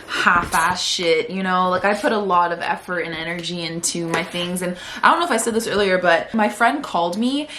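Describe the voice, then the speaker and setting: In a casual day-in-my-life vlog recorded at home, a young vlogger and podcaster talks about her day in a chatty, emotional way, leaning heavily on "like." Her mid-range voice is a bit bright, with slight background noise.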